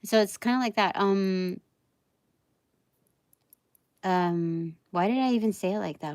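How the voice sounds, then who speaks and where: A woman reading tarot cards on a live stream, talking in a meandering, halting way full of fillers, with soft laughs between thoughts. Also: mid-range voice, no echo. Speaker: tarot reader.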